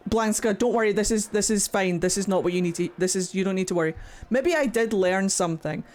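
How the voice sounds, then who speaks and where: Woman, young adult, live gameplay commentary, excitable, foul-mouthed, mid-pitched voice. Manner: excitable, ranting, swears freely. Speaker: game streamer.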